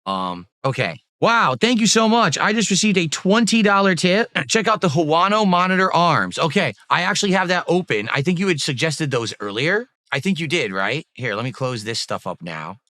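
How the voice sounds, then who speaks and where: Casual male streamer, slightly high, bright tone, effusive and rambling, dry close desk mic. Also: sing-song, moderate pace, few pauses, dry recording. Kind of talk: casual livestream chat.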